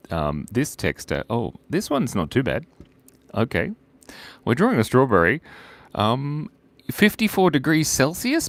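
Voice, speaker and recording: A man's voice: lowish voice, fairly bright tone, no echo. A man hosting a live drawing stream, chatting casually, joking, laughing often and reading out viewer comments.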